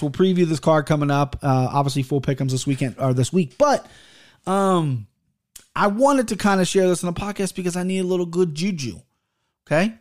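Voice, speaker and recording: A man's voice: a little high, darkish tone. Rambling, profane man hosting a podcast. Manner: loose, profane, rambling with frequent restarts. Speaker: podcast host. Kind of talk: casual rambling podcast storytelling.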